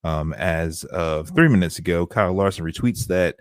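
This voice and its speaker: A man's voice: low-pitched, moderate pace, no echo. A man co-hosting a podcast, reading out news with a dry, wry delivery. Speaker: podcast co-host. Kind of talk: casual podcast chat.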